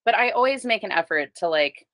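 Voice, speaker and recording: A woman's voice: mid-range voice, lively intonation, a little fast, fairly bright tone, dry recording. A young adult woman chatting candidly on a podcast, swearing freely and leaning on "like". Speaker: podcast guest or co-host. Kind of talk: casual chat.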